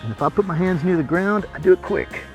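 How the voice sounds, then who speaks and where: Guy hosting a hunting show outside, fired up then going quiet, kinda high voice. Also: fast talker, soft background music. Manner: excited, at times hushed. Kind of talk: outdoor hunting commentary. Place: outdoors in the field.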